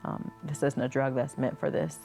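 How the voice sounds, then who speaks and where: A mother telling a personal story in a halting way, restarting often. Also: rumbling low, expressive, creaky, over music.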